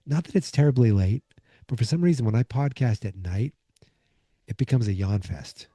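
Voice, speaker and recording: Sleepy man, podcast host, rambling recap, very mellow dark voice, dry close sound. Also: medium pitch, animated, normal speed, slightly rough, dry recording. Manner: rambling, lots of fillers and asides. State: sleepy, fighting off yawns. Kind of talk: casual episode recap.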